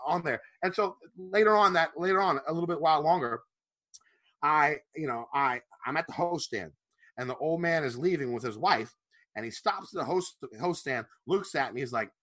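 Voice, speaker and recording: A man with a bright, forceful voice tells a long, swearing-laced story in casual podcast chat. His delivery is loose and animated, recorded close and dry with no room sound. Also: a little high, normal speed, no room sound. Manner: profane, animated anecdote telling. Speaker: podcast co-host.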